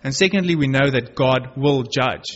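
Earnest male preacher, husky voice. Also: mid-range voice, normal speed, fairly bright tone. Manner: earnest, builds emphasis on key words. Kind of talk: sermon with Bible reading. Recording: dull lo-fi recording.

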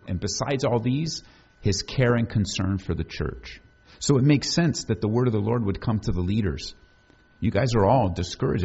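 A man's voice: on the low side, vocal fry, warm tone, husky, muffled recording. A man preaching a sermon in a conversational way, putting questions to the congregation. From United States. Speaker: pastor.

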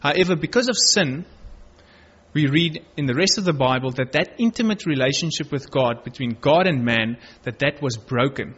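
A man's voice: fairly high pitch, animated, moderate pace, fairly bright tone, breathy edge. A man preaching a sermon, reading Bible verses aloud and earnestly stressing key words. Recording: dull lo-fi recording.

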